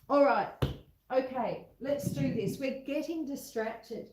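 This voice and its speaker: Woman, home-baking livestream host, unhurried and chatty, a touch high, kitchen echo. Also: noisy background. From Australia. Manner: chatty, reads out viewers' comments, warm terms like love and sweetheart. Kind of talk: casual livestream chat while baking.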